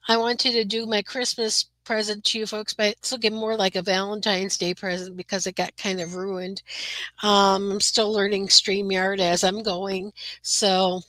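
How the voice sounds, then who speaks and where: A woman hosts a relaxed live chat from her room, greeting viewers by name and rambling along with lots of fillers. Her voice is bright and forward. The sound is dry and close, picked up by a computer mic. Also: mid-range voice, measured pace, no echo, rough recording. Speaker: livestream host.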